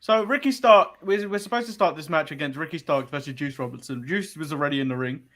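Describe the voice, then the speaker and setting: A man's voice: a little high, fast, a bit bright. A man from England co-hosting a casual wrestling recap, bantering with exasperated sarcasm. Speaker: podcast co-host.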